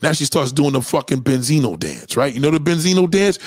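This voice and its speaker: A man hosting a livestream, telling a profane comic story in an animated way and giving shout-outs to viewers in the chat. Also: a little high, fairly quick, few pauses, husky, no echo, studio quality. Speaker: livestream host. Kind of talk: comedic storytelling rant on a livestream.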